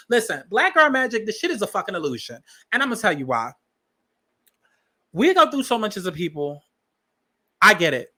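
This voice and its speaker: A man hosting a podcast, giving blunt, profane commentary with sassy asides and drawn-out emphasis. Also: high-pitched, pushed and bright. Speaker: podcast host. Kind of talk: opinionated commentary.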